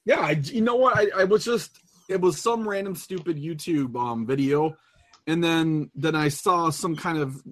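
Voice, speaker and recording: A man co-hosting a podcast, rambling excitedly in casual chat. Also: fairly high pitch, moderate pace. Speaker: podcast co-host.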